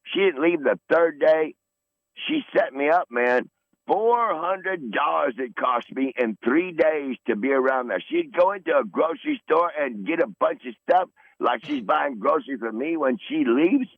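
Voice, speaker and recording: A man's voice: fairly high pitch, sing-song, moderate pace, creaky, dry recording. A man in his sixties, calling into a podcast, telling rambling profane stories in a combative, boastful way. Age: 60s. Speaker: regular caller on a podcast. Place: in his van. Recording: tinny phone line.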